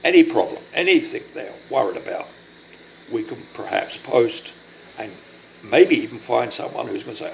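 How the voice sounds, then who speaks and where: An older man recording a personal video diary, speaking in a halting, apologetic, emotional way and short of breath from illness. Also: mid-range voice, animated, gravelly, a little hiss or hum, poor audio. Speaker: vlogger.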